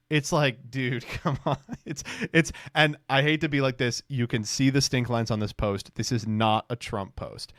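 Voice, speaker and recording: A man's voice: mid-range voice, normal speed, few pauses, a bit bright, dry recording. Guy on stream mocking posts, sarcastic rambling chat, dry no-room sound. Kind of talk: casual reaction commentary.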